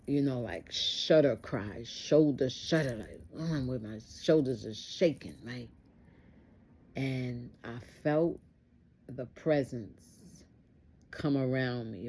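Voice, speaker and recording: A woman's voice: very deep voice, warm tone. A woman telling a personal testimony story in an earnest way, repeating phrases for emphasis.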